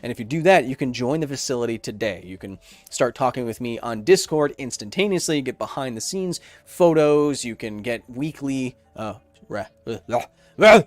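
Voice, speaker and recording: Male streamer in his thirties, mid-pitched, animated, dry close sound, faint music behind. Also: normal speed, no room sound. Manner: animated, joking, rambling. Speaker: science YouTuber hosting a livestream Q&A. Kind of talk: casual livestream chat.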